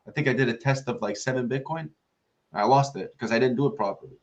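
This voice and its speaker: A man's voice: mid-range voice, fast, highs cut off. A man chatting casually on a podcast, telling stories and acting out what his friends said. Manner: storytelling, acts out quoted friends. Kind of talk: casual roundtable chat.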